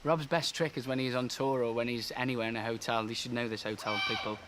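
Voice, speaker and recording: A man's voice: medium pitch, steady tone, fast talker, background noise. Man, young adult, earnest, chatty storyteller, backstage room. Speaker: best friend and tour companion. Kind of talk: casual backstage chat.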